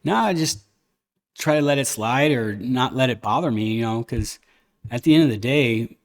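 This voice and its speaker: A man's voice: mid-range voice, lively intonation, normal speed. A man hosting a podcast, telling stories and opinions in a candid, rambling casual chat. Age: adult, a father. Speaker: podcast host.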